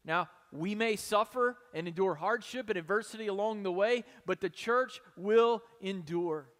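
A man preaches a sermon as pastor, his voice pitched notably high for a man. He drives his points with rhetorical questions and moves between hushed and forceful delivery. The sound carries a long reverb from a large hall. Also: normal speed. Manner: emphatic preaching, many rhetorical questions, shifts between soft and loud.

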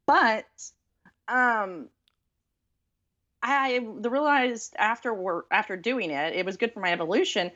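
A woman's voice: medium pitch, measured pace, long pauses, fairly bright tone, lo-fi sound. Chatty woman telling dating stories. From Southern US, Texas. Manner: chatty, self-deprecating, many fillers. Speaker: author guest. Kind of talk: casual storytelling interview.

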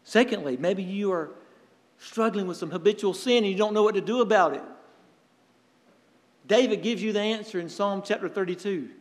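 A man preaching with a high, ringing voice that carries through a hall with a long reverb tail. He speaks earnestly, tells stories to make his point, and lets dramatic pauses hang. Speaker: pastor. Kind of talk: sermon.

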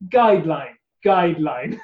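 A deadpan joker talks in short, halting broken-English phrases, as a man puts him on. The voice sits higher than a plain talker's, with clipped words and flat delivery. It comes through a roomy, slightly dull remote-call sound.

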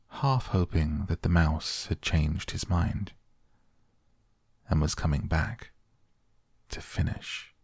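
A man reading a bedtime story slowly and softly, with a husky voice. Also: low voice, dry recording, clean studio sound. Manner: slow, soft, sleepy. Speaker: narrator.

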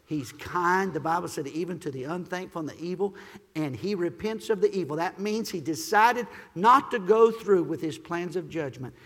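A man preaching a sermon as pastor, swinging from shouted praise to quiet, gentle teaching. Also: sits high, normal speed, in a large hall.

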